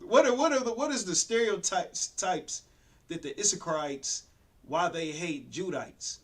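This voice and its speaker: A man in a class asking hesitant, halting questions, heard from some distance from the microphone. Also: sits high, expressive, a bit bright. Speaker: class participant. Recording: far from the mic.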